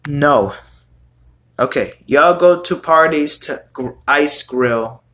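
A man's voice: on the high side, slow, pushed and bright. A man giving casual reaction commentary on song lyrics, exasperated and swearing as he mocks them.

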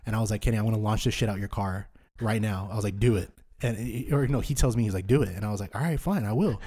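A young man in his twenties tells a night-out story on a podcast, in a fairly low voice. His talk is loose, slangy and full of swearing. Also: fairly even intonation, quick pace, mellow. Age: 20s. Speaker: podcast host. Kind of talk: storytelling in casual chat.

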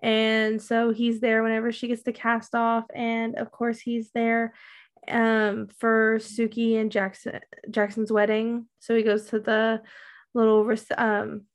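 Woman podcast cohost recapping a show, kinda high voice, lots of ums and likes. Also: monotone, unhurried. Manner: rambling, many fillers and likes. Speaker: podcast co-host. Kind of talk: casual chat recapping a TV show.

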